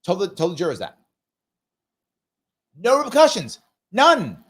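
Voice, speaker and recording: Animated man hosting a live show. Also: high-pitched, unhurried. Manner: animated, repeats "right?" and acts out quotes in a raised voice. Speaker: host of a live call-in show. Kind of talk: live ask-me-anything commentary.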